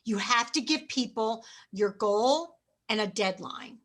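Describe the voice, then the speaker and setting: A middle-aged woman giving a chatty, self-mocking motivational sales training talk, acting out phone pitches. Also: lively intonation, a little slow, a bit bright.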